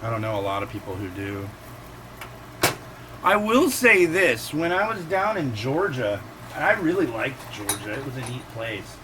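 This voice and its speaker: A man's voice: mid-range voice, very animated, unhurried, noisy background. A man in his forties hosting a casual cooking and noodle review vlog, rambling from topic to topic. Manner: rambling and digressive, acts out quotes. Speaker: instant noodle reviewer and host.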